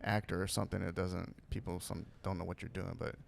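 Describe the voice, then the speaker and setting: A man with a low, gravelly voice talks loosely as a podcast guest. He rambles, doubts himself out loud and trails off into fillers. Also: little pitch movement, fairly quick, a little hiss or hum. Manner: rambling, self-deprecating, drifts into impressions. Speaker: podcast guest, actor and comedian. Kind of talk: casual podcast chat.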